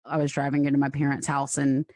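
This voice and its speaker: A woman's voice: rumbling low, monotone, quick pace, darkish tone, dry recording, studio quality. A woman in her thirties, a songwriter and author guesting on a podcast, telling stories animatedly with laughs. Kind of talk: casual interview chat.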